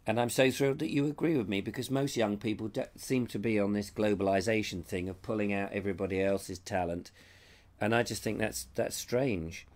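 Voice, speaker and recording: A man's voice: on the low side, fairly quick, a little mellow. Chatty middle-aged man hosting. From Britain. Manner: chatty, reads comments aloud and reacts. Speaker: host reading viewer comments. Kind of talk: casual live-stream chat. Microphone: lapel mic.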